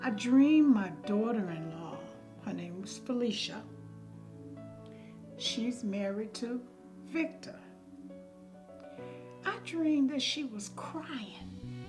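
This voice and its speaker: A woman's voice: fairly high pitch, lively intonation, slow, long pauses. An older woman telling a personal story with animation, raising her voice to act out the people she quotes. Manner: acts out quoted people in a raised voice. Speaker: storyteller guest. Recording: music playing underneath.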